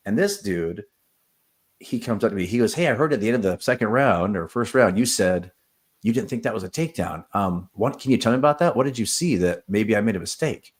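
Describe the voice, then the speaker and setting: A man who is an assistant wrestling coach, talking casually in an interview and telling stories full of fillers and acted-out quotes. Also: lowish voice. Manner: storytelling, acts out quoted exchanges, many fillers.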